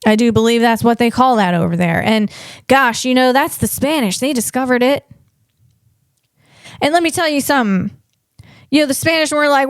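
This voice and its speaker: Woman comedian host, higher voice, rambling casual chat, dry close mic. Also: normal speed, pauses often, clean tone, no echo. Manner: rambling and digressive, lots of restarts.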